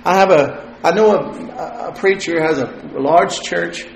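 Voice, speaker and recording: A man's voice: fairly high pitch, unhurried, gravelly, slight background noise. A male pastor delivering a sermon in a loose, conversational way, joking at times and repeating words as he thinks. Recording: roomy echo.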